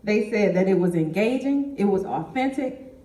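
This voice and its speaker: A woman giving a keynote business presentation, telling a story to the audience in a lively way. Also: medium pitch, moderate pace. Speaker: keynote speaker. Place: meeting hall. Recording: echoey hall, mic far off.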